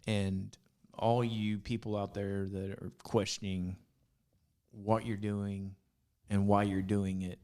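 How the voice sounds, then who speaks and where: A man's voice: lowish voice, level tone, slow, warm tone. A man speaking earnestly on a casual podcast, thanking his coaches and praising college athletes. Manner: earnest, laughs along, heartfelt thanks.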